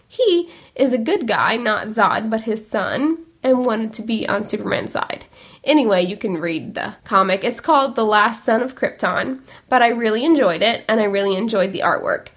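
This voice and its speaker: A young woman hosting a podcast, a little congested, chatting in a rambling, upbeat way. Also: on the high side. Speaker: podcast host. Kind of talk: casual chat.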